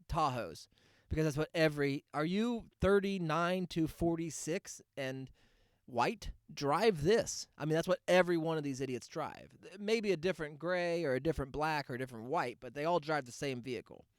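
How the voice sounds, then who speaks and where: A man's voice: medium pitch, clear, resonant tone, no echo, studio quality. A man hosting his podcast, telling a ranting, sarcastic comic story. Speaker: podcast host. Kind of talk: comedic podcast monologue.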